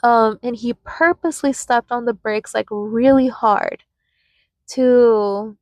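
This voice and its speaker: A woman's voice: a little high, steady tone, takes it slowly, no echo. A young woman vlogger telling a personal story in a casual, rambling way, full of fillers and restarts.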